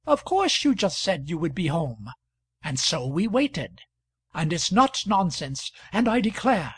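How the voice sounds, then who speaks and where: A woman's voice: big pitch swings, measured pace, husky, no room sound, heavily acted. A man voicing a stout, hysterical middle-aged wife who sobs and scolds in an old novel reading. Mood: aggrieved. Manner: shrill, tearful, aggrieved. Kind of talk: audiobook character voice.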